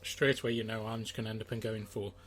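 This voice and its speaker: A man's voice: on the low side, flat delivery, fast talker, a little hiss or hum. A man co-hosting a casual wrestling podcast, laid-back and dry in his replies. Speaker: podcast co-host.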